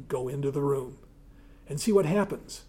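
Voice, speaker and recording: A man giving a talk, partly reading aloud and partly speaking freely with hesitations, and often clearing his throat. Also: medium pitch, unhurried, dark tone. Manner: reads aloud, then speaks with hesitations and fillers.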